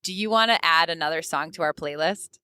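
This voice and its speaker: A woman's voice: low-pitched, brisk, bright, forceful tone, smooth, no echo, studio quality. A woman co-hosting a podcast in casual chat from a moving car, upbeat and laughing along. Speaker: podcast co-host.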